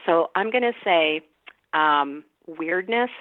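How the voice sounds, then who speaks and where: A middle-aged actress chatting as a podcast guest, telling stories and laughing often. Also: female voice, lowish voice, lively intonation, slow, no room sound. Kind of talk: casual podcast chat. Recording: tinny phone-line sound, dry.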